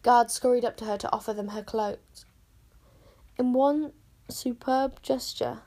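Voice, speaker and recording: A woman narrating a children's fantasy audiobook with expressive, dramatic storytelling. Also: a little high, low-quality recording.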